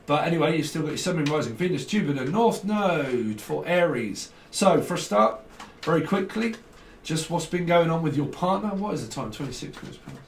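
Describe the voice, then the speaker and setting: A man's voice: on the high side, recorded from a distance. A man gives a loose, joking tarot reading that wanders from thought to thought. He sits some way back from the mic, so his voice comes across roomy and echoey. A faint hiss of noise sits under it. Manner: rambling, jokey, chuckles between thoughts. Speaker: tarot reader. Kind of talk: casual tarot reading to camera.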